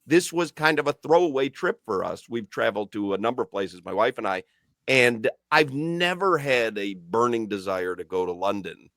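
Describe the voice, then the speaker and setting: American radio host, dry studio sound. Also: male voice, medium pitch, animated, moderate pace, fairly bright tone, dry recording. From United States. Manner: jokey, puts on mock British phrases. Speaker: radio sports talk host. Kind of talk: casual sports radio banter.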